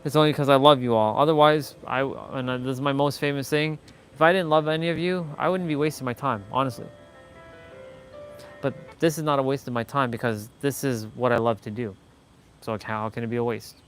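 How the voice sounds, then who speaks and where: A man's voice: mid-range voice, fairly even intonation, fairly quick, soft background music. Blunt, rambling male livestream host. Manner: rambling, blunt, lots of "like" and restarts. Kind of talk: casual live-stream monologue.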